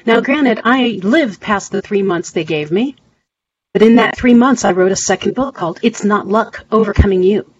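On a podcast interview, a middle-aged woman guest tells her story earnestly, acting out the voices she quotes. Her voice is mid-range and somewhat dark, at a normal speed. The audio is slightly dull with a faint hiss.

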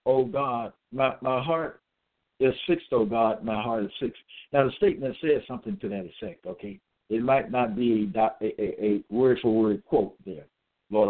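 A man preaching alone, reading scripture aloud and remarking on each verse. He repeats phrases and keeps asking "okay?". His voice comes through thin and tinny, as if over a phone line. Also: medium pitch. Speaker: self-styled preacher. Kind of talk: solo religious monologue reading scripture.

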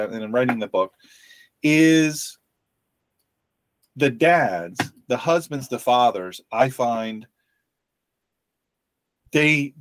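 A man hosting a faith-based podcast, talking earnestly with frequent restarts and pauses. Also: medium pitch, no echo. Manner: earnest, halting with many restarts. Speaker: podcast host.

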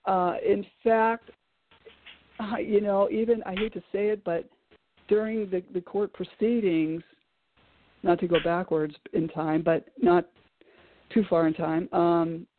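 A middle-aged woman, an author guest, telling her personal story in an animated way, with many fillers and restarts. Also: lowish voice, no room sound. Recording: tinny call-like audio, dry.

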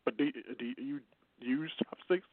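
A man's voice: mid-range voice, measured pace, no room sound. Chatty Chicago man on a phone line. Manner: rambling, laughs often, fillers and restarts. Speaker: radio show host. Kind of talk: casual talk radio banter. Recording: phone-line internet radio.

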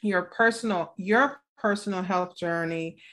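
A woman hosting an interview, with a slightly low voice for a woman. She backs up her guest with frequent affirming replies and asks thoughtful follow-up questions. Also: measured pace, a bit bright. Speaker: host. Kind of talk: interview talk.

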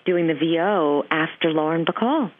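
A middle-aged woman from New England, a voice actress chatting as an interview guest, animated and laughing often, with many restarts. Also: low-pitched, normal speed. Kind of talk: casual interview chat. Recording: tinny phone-line audio.

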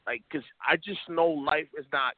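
A man's voice: on the high side, normal speed, no room sound. A man from Brooklyn calls in to a show and talks his thoughts through in an earnest, rambling way. His voice comes over a dry, tinny phone line. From Brooklyn, New York. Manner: earnest, rambling, thinking aloud. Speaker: caller. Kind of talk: casual phone call.

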